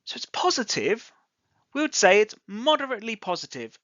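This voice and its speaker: A bright, expressive voice with a lively rise and fall in pitch, taking everything slowly as it explains grammar to learners. The sound is close and dry, with a slightly dull, lo-fi quality. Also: dry recording. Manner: slow, clearly enunciated teaching delivery. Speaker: English teacher. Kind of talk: ESL grammar lesson.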